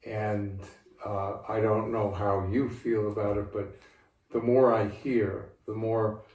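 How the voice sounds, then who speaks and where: An older man answers questions in a measured, deliberate manner, often restarting his sentences. His low voice sits back from the mic in an echoey room, with a faint hiss behind it. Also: little pitch movement, darkish tone, far from the mic. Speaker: interviewee, father of the host. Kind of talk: casual conversational interview.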